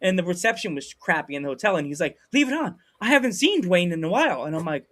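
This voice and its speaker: A man hosting a podcast over a video call, telling stories in a lively way and acting out what people said. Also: high voice, fast talker. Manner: animated storyteller acting out quotes. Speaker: podcast host. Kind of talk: casual storytelling chat.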